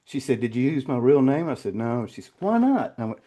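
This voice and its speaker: Here an older interview guest recounts his own stories with a medium-pitched voice. He stumbles and repeats himself, and emotion leaves him quiet and choked up.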